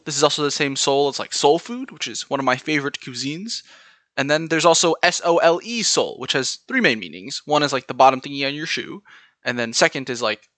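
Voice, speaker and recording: Lively, bright-voiced American man explaining. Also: fairly high pitch, no echo. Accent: General American. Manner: chatty, spells words out letter by letter. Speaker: podcast host. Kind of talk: solo explanatory podcast.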